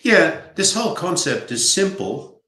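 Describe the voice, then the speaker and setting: A man's voice: a little high, big pitch swings, unhurried, bright, forceful tone, faint music behind. An older man with an Australian accent, a guest author speaking earnestly in a livestream interview. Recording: roomy echo.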